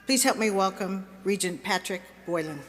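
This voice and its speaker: A woman presenter giving a measured, formal introduction of a speaker at a ceremony. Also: medium pitch, heavy background noise. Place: large ceremony hall. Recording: long hall reverb.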